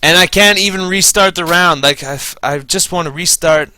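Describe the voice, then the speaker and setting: Profane guy ranting while gaming, bright tense voice, dry close sound. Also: high-pitched, moderate pace, dry recording. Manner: profane, rambling, bitter. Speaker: gamer telling stories. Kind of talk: casual commentary over gameplay.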